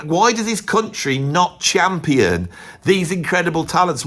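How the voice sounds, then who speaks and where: A man's voice: on the high side, a bit bright. A man, middle-aged, counting down his favourite musicians in a chatty, rambling and emphatic way, peppered with "right". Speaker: musician and video host. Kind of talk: opinionated music countdown vlog.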